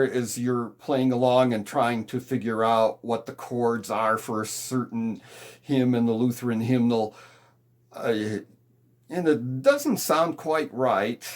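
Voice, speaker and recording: A man teaching a guitar lesson on hymn chords, explaining patiently step by step. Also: mid-range voice.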